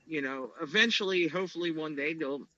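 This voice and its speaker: A man's voice: fairly high pitch, fairly quick, sharp tone, no echo. A man co-hosting a casual podcast, rambling through opinions with many fillers. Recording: dull, dry lo-fi mic.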